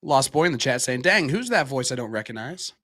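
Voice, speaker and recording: Bright-voiced male darts commentator. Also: medium pitch, sing-song, no room sound, clean studio sound. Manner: bright, quick play-by-play, reads chat and ads. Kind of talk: casual live commentary.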